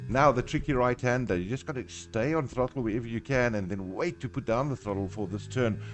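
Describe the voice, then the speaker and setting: This South African man, speaking at a medium pitch in his native accent, keeps up chatty live commentary on a sim race. He walks through each turn and laughs frequently.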